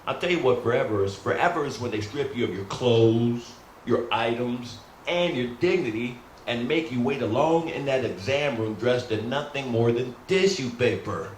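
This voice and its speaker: With a medium-pitched voice, a moderate pace, and few pauses, a middle-aged man practices stand-up comedy. As a new comic, he rambles self-deprecatingly and frequently calls out to the folks, recorded with roomy echo and a faint hum.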